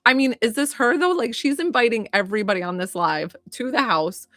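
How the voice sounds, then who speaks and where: A woman's voice: a little high, animated, a little fast, a bit bright, dry recording, clean studio sound. A woman working as a psychic medium, chatting through a live reading with many "like" fillers.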